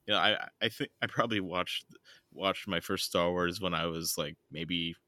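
A man's voice: low voice, normal speed, pushed and bright, no room sound. A man co-hosting a podcast in casual chat, giggly and rambling. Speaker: podcast co-host.

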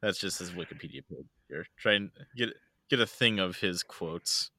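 A man's voice: deep voice, normal speed, pushed and bright, dry recording, clean studio sound. A man co-hosting a casual podcast, laid-back, laughing often and swearing. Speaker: podcast co-host. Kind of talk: casual chat.

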